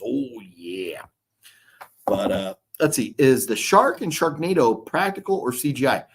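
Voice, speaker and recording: A man's voice: on the low side, animated, normal speed, breathy edge. A man in his fifties hosting a casual livestream, rambling and swearing as he reads chat comments. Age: 50s. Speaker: livestream host. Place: hotel room.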